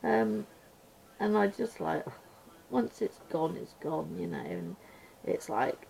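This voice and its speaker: A woman chatting casually while she colours at a desk at home, rambling and mumbling quietly to herself, a little blocked up with her voice going gruff. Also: lowish voice, big pitch swings, slow, a little hiss or hum, low-quality recording. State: slightly congested, voice going gruff. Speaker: colouring channel host. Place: small room at home.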